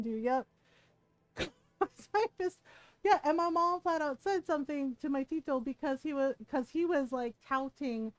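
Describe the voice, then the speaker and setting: A woman's voice: high voice, a little slow, no room sound. A woman game streamer chatting casually, telling stories with lots of laughter and swearing. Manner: animated storytelling, swears freely, laughs often.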